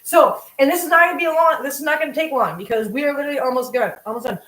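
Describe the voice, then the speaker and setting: A woman's voice: high voice, very fast. Effusive woman cooking in an echoey kitchen. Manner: effusive, emotional, thanks viewers warmly. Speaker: cooking livestream host. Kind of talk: casual live-stream chat while cooking. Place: home kitchen.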